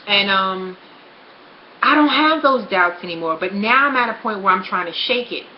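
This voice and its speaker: A woman's voice: mid-range voice, lively intonation, normal speed, a little hiss or hum. A young woman talking frankly and bluntly in a casual personal vlog, swearing freely. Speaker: vlogger. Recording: roomy, slightly dull home recording.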